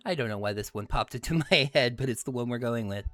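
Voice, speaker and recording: Lively, chatty male game streamer. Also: mid-range voice, fairly quick, no echo, faint music behind. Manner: playful, chatty, laughs often. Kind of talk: let's-play commentary.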